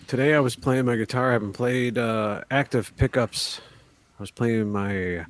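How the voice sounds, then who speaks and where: A man's voice: medium pitch, normal speed. A man hosting a live stream, teasing his guests and telling stories in casual chat. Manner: joking storyteller, teasing.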